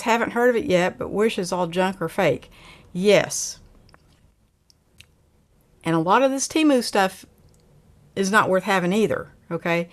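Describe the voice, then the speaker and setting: A woman talks casually on her live stream, picking up viewer comments and answering them. She laughs easily and keeps a loose, conversational flow. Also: medium pitch. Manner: chatty, laughs often, reads viewer comments aloud. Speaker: livestream host reading chat.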